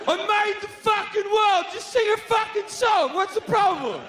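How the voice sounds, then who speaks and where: A man voicing an angry, petty male God who shouts at his worshippers. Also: high voice, expressive, normal speed, a faint crowd, pitched below the performer's own voice. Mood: furious. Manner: shouting, indignant. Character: ranting bigoted male God, furious and petty.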